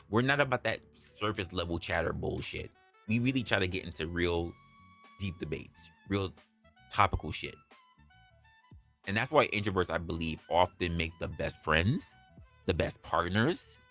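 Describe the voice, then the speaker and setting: A man's voice: sits low, a bit bright. A man hosting a livestream, talking bluntly and casually with plenty of profanity. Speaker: livestream host.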